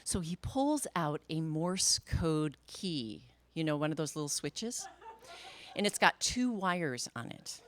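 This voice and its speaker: A woman's voice: sits low, big pitch swings, slow pace, a little hiss or hum. A woman storyteller and emcee telling a playful tall tale to a live audience, breaking into sound effects as she goes.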